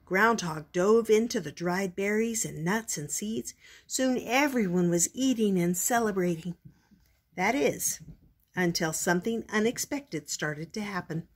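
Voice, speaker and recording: Older woman reading a children's book, husky. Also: mid-range voice. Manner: gentle, expressive storytelling. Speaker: storyteller grandmother. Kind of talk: reading a picture book aloud.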